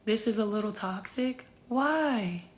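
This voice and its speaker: A woman's voice: mid-range voice, lively intonation, takes it slowly. A woman in her thirties chatting casually to camera at home, candid and rambling, swearing freely. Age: 30s. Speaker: singer filming herself at home. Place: home with a yard.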